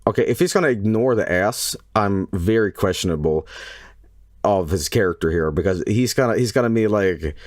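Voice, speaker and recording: A male streamer reacting to videos live. He jokes, laughs loudly and breaks into exclamations. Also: on the low side, expressive, normal speed, no echo, studio quality. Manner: loud laughing outbursts, joking and exclaiming.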